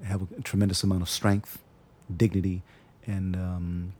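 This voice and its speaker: A man's voice: low-pitched, little pitch movement, darkish tone. A man being interviewed about his acting work, talking casually, restarting and repeating words as he goes. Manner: halting, repeats words, demonstrates voices. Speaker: actor, interview guest.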